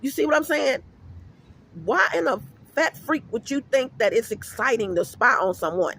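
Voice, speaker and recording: A man's voice: extremely high pitch, expressive, normal speed, creaky, pushed and bright, slightly rough. A middle-aged man vlogging outdoors at an apartment complex, telling a rambling, emphatic story full of cursing. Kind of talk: casual vlog rant.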